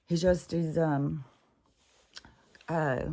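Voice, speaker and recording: A woman's voice: low voice, steady tone, drawn-out words, warm tone. A middle-aged woman at home, talking frankly and rambling in a casual, profane chat for her spiritual vlog. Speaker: spiritual vlogger.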